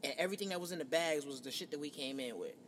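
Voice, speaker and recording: Casual podcast host, man from New York, 30s, high voice, reverberant room with a faint rumble. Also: racing. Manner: profane, animated storyteller, quoting himself. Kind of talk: casual storytelling chat.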